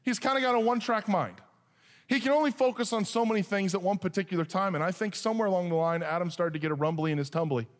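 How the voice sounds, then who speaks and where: A man preaching a sermon, telling a humorous story with lively asides and then reading scripture. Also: sits high, fast. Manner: animated, joking, shifts into acted voices for characters. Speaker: pastor. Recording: long hall reverb.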